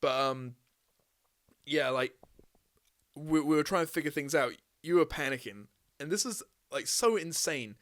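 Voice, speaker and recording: A young man with a fairly high voice tells a story on a podcast. He talks in a loose, animated way, swears freely, and acts out the other people in the story. The tone stays casual. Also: measured pace, pauses often. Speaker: podcast host. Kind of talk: casual chat.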